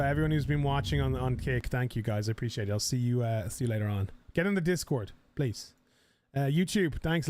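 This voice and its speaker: A male game streamer chatting live with his viewers in a loose, rambling way and swearing casually. His voice sits slightly high for a man, and faint background hiss runs under it. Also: darkish tone.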